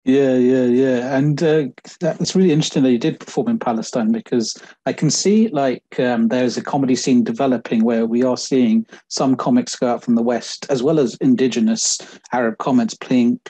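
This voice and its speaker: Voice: mid-range voice, steady tone, normal speed, hardly any pauses, mellow, slightly rough, poor audio. An interviewer asking long, rambling questions full of fillers in a casual conversation.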